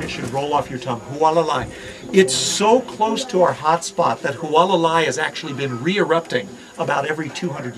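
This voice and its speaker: A middle-aged man from Hawaii giving an outdoor park ranger talk, joking with visitors and quizzing them on the sights. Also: fairly high pitch. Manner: playful, quizzes the crowd and jokes. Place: outdoors at a volcano viewpoint. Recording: outdoor recording with audible crowd.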